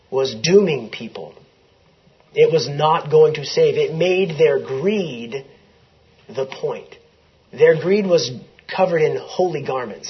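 A man's voice: a little high, breathy edge, lo-fi sound. A man preaching, telling a story conversationally and acting out both sides of the dialogue. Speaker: pastor. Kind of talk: sermon.

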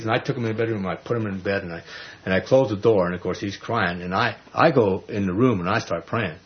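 A man preaching a sermon, telling family stories in an animated way, acting out quoted voices and often restarting his words. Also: on the low side, quick pace. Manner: animated storytelling, acts out quoted voices, frequent stammered restarts. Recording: dull lo-fi recording.

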